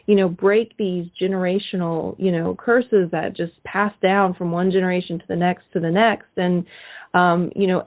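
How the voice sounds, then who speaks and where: Affirming woman host on a tinny line. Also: lowish voice. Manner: affirming, reflective listener. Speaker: host and coach. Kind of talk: interview conversation. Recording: tinny phone-line sound.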